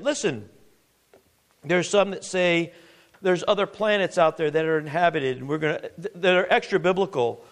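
A man preaching a sermon with emphatic rhetorical questions, who drops to a hushed voice when he reads scripture aloud. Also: high voice. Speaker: pastor.

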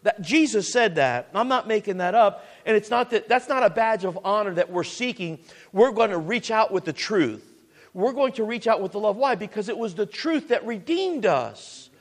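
A man's voice: high voice, lively intonation, moderate pace. A man preaching a sermon as pastor, earnest and full of restarts and asides.

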